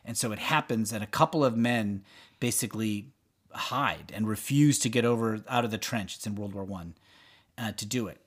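A man's voice: on the low side, moderate pace. Man retelling film endings, acting out lines. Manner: animated storytelling, acts out characters' lines. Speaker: podcast co-host. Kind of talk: casual chat.

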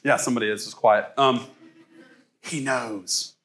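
A man's voice: mid-range voice, fairly even intonation, measured pace, a bit bright. A man in his thirties from Ohio, preaching a casual sermon as a pastor and joking with the congregation.

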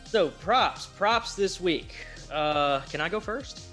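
A man's voice: sits high, expressive, slow pace, fairly bright tone, soft background music. A man from Virginia co-hosting a podcast, playful and teasing in casual chat. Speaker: podcast co-host.

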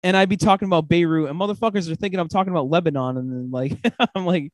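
A man's voice: on the high side, fast, no echo. A man hosting a podcast, chatting casually while drunk, swearing and laughing often, his words loose and slurred. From United States. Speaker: podcast host. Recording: dry close mic, lo-fi podcast audio.

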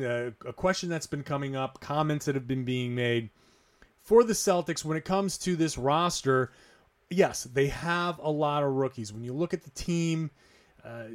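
A man hosting a podcast on his own, talking casually and emphatically as he answers listener questions, repeating his key points. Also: on the high side. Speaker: podcast host.

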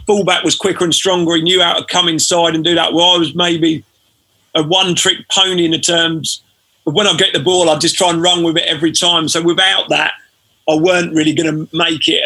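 A man, a former footballer telling stories as a podcast guest in a relaxed way. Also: on the high side, husky. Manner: relaxed storytelling, frequent fillers. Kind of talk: casual podcast interview.

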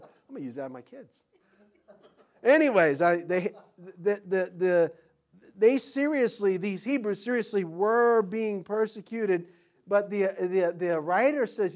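Male pastor, middle-aged, higher-pitched voice, casual conversational preaching with lots of restarts. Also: animated, unhurried. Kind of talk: sermon.

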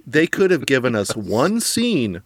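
A man's voice: mid-range voice, slow, slightly rough, no room sound, studio quality. Chatty man picking apart a film. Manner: animated, laughs often, acts out quotes in passing. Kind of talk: casual film discussion.

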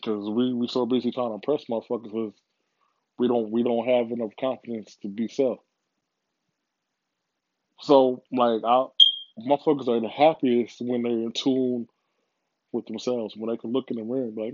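A man's voice: mid-range voice, little pitch movement, normal speed, long pauses, no room sound, muffled recording. A man giving a casual, rambling motivational monologue, profane and full of repeats.

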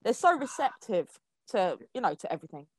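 A woman's voice: medium pitch, sing-song, a little fast, husky, dry recording. A woman interviewing a guest casually, asking encouraging questions.

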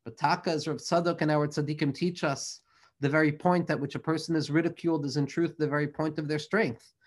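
An earnest man delivers a religious lecture in long, flowing phrases, weaving Hebrew and Yiddish terms through his English. His voice sits somewhat high for a man. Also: steady tone, brisk. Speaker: Torah teacher.

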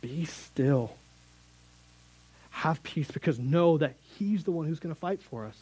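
A man's voice: fairly high pitch, animated, a little slow, warm tone, breathy edge, rough recording. A middle-aged man preaching a sermon as a youth Bible teacher, earnest and conversational, with sudden emphatic rises.

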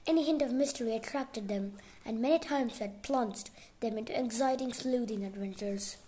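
A woman's voice: fairly high pitch, moderate pace, mellow. A woman reading a novel aloud casually, sometimes stumbling and restarting words. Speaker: reader.

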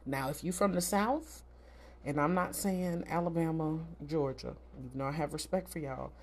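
A woman's voice: deep voice, normal speed, slight background noise. A woman in her thirties from South Florida, hosting a casual solo podcast in a candid, chatty, emphatic way. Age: 30s. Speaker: podcast host.

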